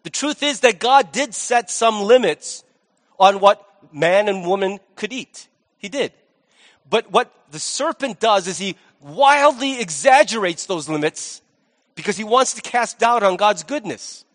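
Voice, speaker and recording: A male pastor preaching a sermon in a lively, conversational way with jokey asides, in a large church hall. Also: sits high, measured pace. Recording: long hall reverb.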